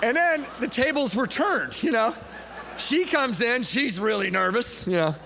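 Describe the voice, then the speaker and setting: A man's voice: extremely high pitch, measured pace, gravelly. A man speaking at a recovery meeting, telling a personal story with laughter and acted-out voices. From United States. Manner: animated, laughing, acts out quoted voices. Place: large event hall. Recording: echoey hall recording with faint hum.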